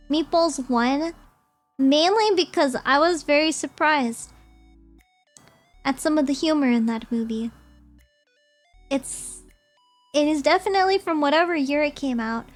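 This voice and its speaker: A young woman streamer chatting casually and rambling as she ranks movies, often giggling. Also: high voice.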